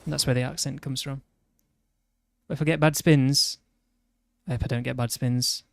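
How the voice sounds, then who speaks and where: A gravelly, mid-range voice with a steady tone and normal speed belongs to a young Yorkshire man from northern England. Streaming a racing game, he chats bluntly, teases a friend, and keeps restarting his sentences; the recording has no echo.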